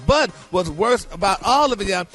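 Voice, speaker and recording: A man's voice: sits high, animated, moderate pace, fairly bright tone. A man reporting celebrity gossip on radio in a chatty, sing-song way, saying "y'all" often. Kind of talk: gossip segment.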